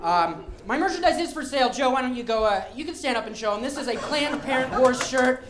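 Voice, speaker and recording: A man's voice: very high-pitched, expressive, brisk. Giggly nervous man doing stand-up. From Denver, Colorado, USA. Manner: nervous, giggly, self-mocking delivery. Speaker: stand-up comedian. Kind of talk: live stand-up set. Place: comedy club stage before a live audience. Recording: echoey club with loud crowd laughter.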